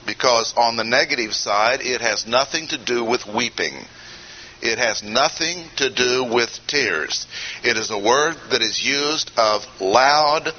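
A man teaching a Bible study in a deliberate, emphatic way with frequent pauses, on a dull lo-fi recording with faint hiss. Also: medium pitch. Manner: deliberate, emphatic, pausing often. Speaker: preacher.

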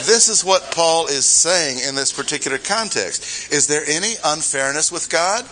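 A man delivers a sermon with a bright, forceful voice. He moves easily between scripture and folksy asides and asks his listeners questions. A faint hiss of noise sits behind him. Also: on the high side, expressive, normal speed, hardly any pauses, low-quality recording. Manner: conversational, with rhetorical questions and humorous asides. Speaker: preacher. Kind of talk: expository sermon.

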